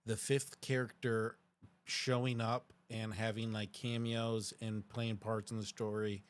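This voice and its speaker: A man who runs tabletop games, chatting casually with many pauses and fillers. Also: on the low side, level tone. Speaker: dungeon master. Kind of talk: casual chat.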